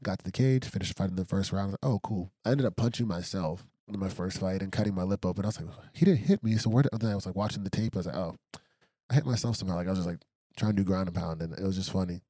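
A man's voice: low voice, rapid-fire, mellow, no room sound, clean studio sound. A young adult man, a professional fighter, telling stories in a casual interview and acting out quoted lines with animation. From United States, raised by Congolese immigrant parents.

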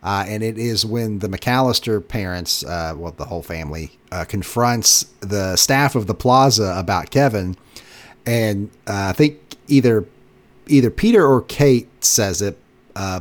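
A man's voice: fairly low pitch, unhurried. A man co-hosting a movie podcast, leading the segments in casual chat and laughing easily. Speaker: podcast co-host.

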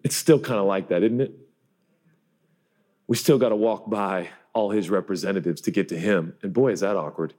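A man in his forties preaching a sermon in an animated, self-deprecating way, often acting out voices. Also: sits low, normal speed. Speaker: pastor.

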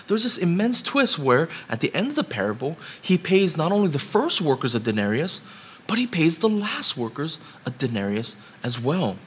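Animated male preacher with lively pitch. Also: slight background noise. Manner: animated, rising to emphatic rhetorical questions. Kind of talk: sermon.

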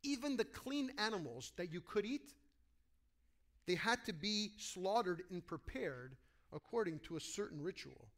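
A man preaching a sermon to a congregation, animated, acting out quoted voices and asking his listeners questions. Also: high voice, measured pace. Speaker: pastor.

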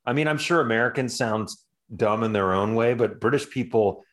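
A man's voice: medium pitch, normal speed, fairly bright tone. A man co-hosting a podcast, making dry, matter-of-fact remarks in casual chat. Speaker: podcast co-host.

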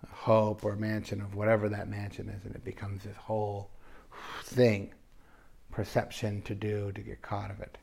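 A man giving a conversational dharma talk at a meditation retreat, drifting into soft asides and playful quoted thoughts. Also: fairly low pitch, creaky. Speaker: meditation teacher.

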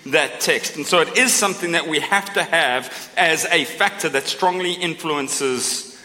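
Bright-voiced man preaching in a reverberant hall. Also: on the high side, unhurried. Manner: conversational preaching, tags lines with a questioning "right?"; self-deprecating humour, asides to the congregation. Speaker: pastor. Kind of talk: sermon.

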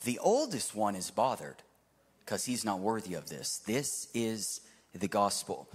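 A man in his thirties preaching a sermon to a live congregation, swinging from loud to hushed. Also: lowish voice, sing-song, a little slow, slightly rough, big-room sound. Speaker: pastor. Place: church hall with live audience.

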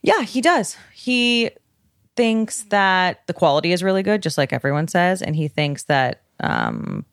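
A woman's voice: fairly low pitch, a little slow, vocal fry, smooth, no room sound. A middle-aged woman chatting casually as a podcast guest, rambling with fillers. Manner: relaxed, rambling with many fillers. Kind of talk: casual chat.

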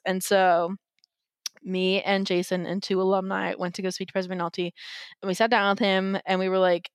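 A woman's voice: mid-range voice, flat delivery, fairly quick, clean tone, dry recording, clean studio sound. A young woman, a podcast guest, telling her story candidly in a wry, chatty way full of likes and ums. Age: young adult.

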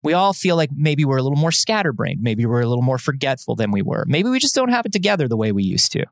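A man's voice: mid-range voice, sing-song, quick pace, creaky, dry recording, studio quality. A man co-hosting a podcast, chatting casually and self-deprecatingly as he explains science news. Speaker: podcast co-host. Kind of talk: casual chat.

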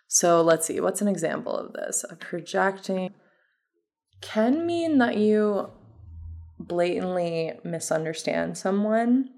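A woman hosting her own podcast as a holistic health coach, talking alone in a relaxed, reflective way with frequent fillers like "um" and "like". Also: on the low side, gravelly. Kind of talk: casual solo podcast monologue.

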